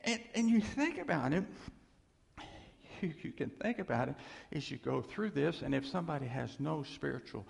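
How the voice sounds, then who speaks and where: A male preacher delivering a sermon, swinging from loud emphasis to hushed near-whispers and acting out quoted voices. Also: a little high, sing-song, moderate pace, gravelly. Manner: acts out voices of doubters and God in quotes. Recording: long hall reverb.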